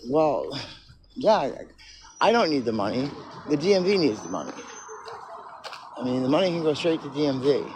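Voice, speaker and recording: A man's voice: a little high, very animated, normal speed, long pauses, background noise. A man ranting and answering viewer comments on a casual livestream, profane and agitated, in tooth pain.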